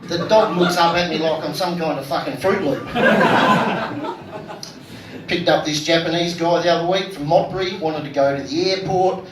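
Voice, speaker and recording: A somewhat high-voiced Australian man performing stand-up with crude, deadpan punchlines. He is recorded from a distance in an echoey venue, with loud ambient noise around him. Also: normal speed. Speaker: stand-up comedian and vlogger. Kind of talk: stand-up comedy set. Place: comedy venue stage.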